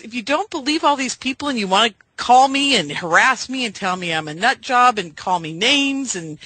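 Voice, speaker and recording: Woman radio host, emotional and pleading, bright tone, dry close sound. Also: mid-range voice, dry recording, rough recording. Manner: emotional, pleading, addresses folks directly. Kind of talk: impassioned monologue to listeners.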